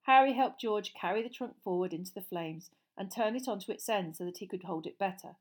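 A woman narrating a storybook audiobook in a steady, clear reading voice. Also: medium pitch, fairly quick.

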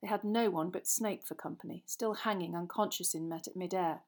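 A woman narrating a fantasy novel aloud with tense, expressive storytelling that builds suspense. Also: lowish voice, normal speed. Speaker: audiobook reader.

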